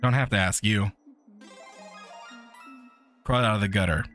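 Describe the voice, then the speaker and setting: A man streaming a video game live, swearing and ranting at the game and his chat, his voice jumping high when frustrated. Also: a little slow, fairly bright tone, faint music behind. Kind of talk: live gameplay commentary.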